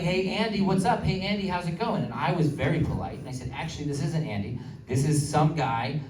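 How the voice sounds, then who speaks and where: Man doing stand-up, roomy and distant. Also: on the high side. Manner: chatty storytelling with filler words. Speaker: stand-up comedian and pastor. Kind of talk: stand-up comedy set. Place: comedy venue with live audience. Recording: roomy live audience recording from afar.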